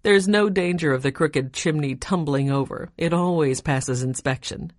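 Kindly older housekeeper, read by a woman; low, close, dry. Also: moderate pace, a little mellow, no echo, lightly acted. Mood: fond.

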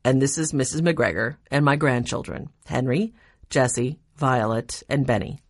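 A woman voicing a gentle, kindly grandfather in a storybook. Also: extremely low pitch, moderate pace, husky, no room sound, studio quality, full character voice. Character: kind chuckling grandfather.

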